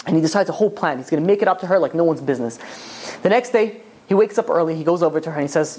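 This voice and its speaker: Man, rabbi, rapid delivery, rambling casual storytelling, lots of filler phrases. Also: on the high side, darkish tone. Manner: rambling, loose storytelling full of "you know" and "he's like". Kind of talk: storytelling in a Torah talk.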